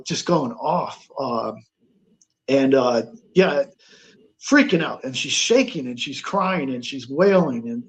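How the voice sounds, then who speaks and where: A man telling a ghost story as a guest on a paranormal talk show, halting, with many fillers and restarts. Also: a little high.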